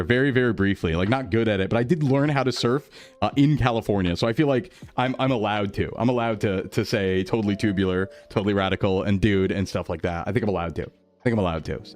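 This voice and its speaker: A man from New England streaming live, chatting casually with his chat and thanking viewers in an upbeat way that often jumps high with excitement. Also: fast talker, faint music behind.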